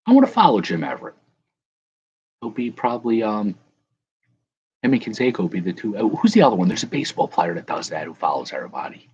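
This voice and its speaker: A man's voice: lowish voice, very animated, fast, long pauses, a little mellow, breathy edge, dull audio. A man hosting a casual live chat, rambling and correcting himself as he answers viewers. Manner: rambling, self-correcting, chuckling. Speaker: livestream host.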